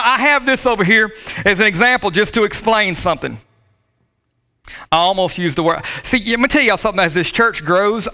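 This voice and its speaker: His voice sits high and has a sharp edge. He's a pastor from the Southern United States, preaching in a church sanctuary full of people, joking and addressing the congregation head-on.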